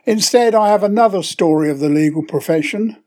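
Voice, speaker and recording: A man's voice: high voice, a little fast, a little mellow. An older man hosting his podcast, delivering a scripted, sardonic comic monologue. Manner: sardonic, opinionated storytelling. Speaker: podcast host.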